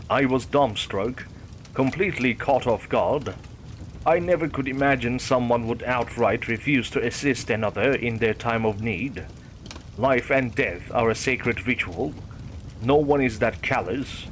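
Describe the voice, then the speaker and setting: A man reading a first-person horror story aloud, in a measured storytelling manner. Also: mid-range voice, slight background noise. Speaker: narrator. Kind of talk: scripted horror story narration.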